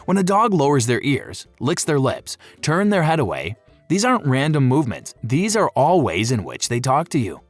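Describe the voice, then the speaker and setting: A man narrates a scripted pet-care video in a lively voice that moves all over its range. He tosses in playful, jokey asides. The sound is dry and close, with faint music behind him. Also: mid-range voice, normal speed, dry recording.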